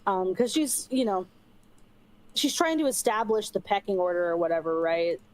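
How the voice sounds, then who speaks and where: A woman's voice: mid-range voice, lively intonation, normal speed, low-quality recording. A young woman streamer rambling in casual chat while gaming, swearing offhand and using lots of fillers.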